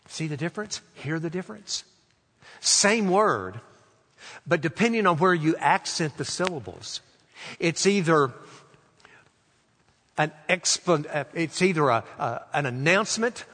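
Man, pastor preaching, fairly high voice, long reverb of a large hall, slow deliberate delivery. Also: expressive. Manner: slow deliberate preaching, drawing out quoted phrases softly. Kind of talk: sermon.

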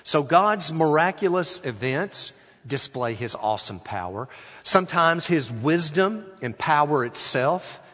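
A pastor preaching a sermon, stressing key words slowly and letting his voice fall away at the end of phrases. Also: mid-range voice, in a large hall. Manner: slow, emphatic phrasing that trails off quietly at line ends.

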